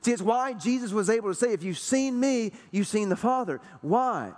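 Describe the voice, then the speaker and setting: A man's voice: high-pitched, lively intonation, normal speed, darkish tone, big-room sound. A man preaching a sermon to a church congregation, emphatic, hammering home repeated rhetorical questions. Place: church sanctuary.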